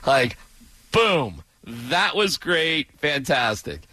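A man co-hosting a sports radio show, talking in a sarcastic, rambling, animated way. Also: on the high side, takes it slowly, dry recording. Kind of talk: casual sports radio banter.

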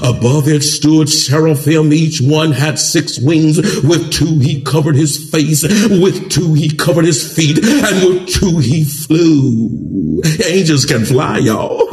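High, lively-voiced preacher man. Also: unhurried. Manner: preaching with call-and-response rhythm, rising to shouts. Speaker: pastor. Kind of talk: sermon. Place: church sanctuary.

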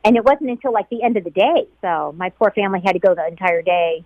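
A woman's voice: mid-range voice, lively intonation, dry recording. Tearful woman recalling a painful day. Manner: tearful, halting, repeats herself. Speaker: flight attendant interviewee. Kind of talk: emotional personal recollection. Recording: dull lo-fi sound.

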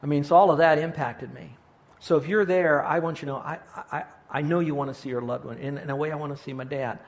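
A man's voice: on the high side, fairly even intonation, fast. A middle-aged male pastor preaching a sermon, earnest and pastoral, often restarting his sentences.

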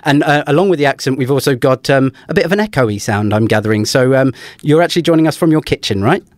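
A man's voice: medium pitch, animated, fast, no room sound. London-accented male podcast host, dry close mic, teasing banter. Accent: London English. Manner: teasing, self-mocking banter. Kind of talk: casual podcast chat.

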